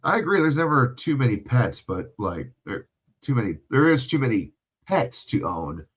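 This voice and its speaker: Another clip of the young watch-along host streaming from home: he gives excited live play-by-play full of emotional, profane outbursts while talking with chat. His medium-pitched voice swings widely in pitch, fairly bright with a breathy edge, at normal speed.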